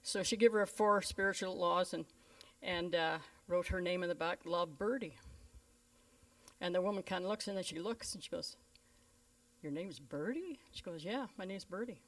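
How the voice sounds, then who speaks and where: A woman's voice: lowish voice, normal speed, recorded from a distance. Storytelling woman pastor, a bit off-mic. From Canada. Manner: lively storyteller who voices the people in her stories. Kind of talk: storytelling sermon.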